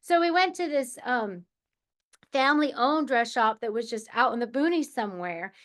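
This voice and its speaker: Woman chatting to camera, storytelling, bit high voice, plays out the back and forth herself. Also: expressive, normal speed, fairly bright tone. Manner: chatty, acts out both sides of remembered dialogue. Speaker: channel host. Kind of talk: casual storytelling monologue.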